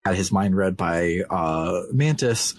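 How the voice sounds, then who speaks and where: A man co-hosting a podcast, casually recapping a game's story in a halting way, with many fillers and restarts. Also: low-pitched, animated, dry recording. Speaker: podcast co-host.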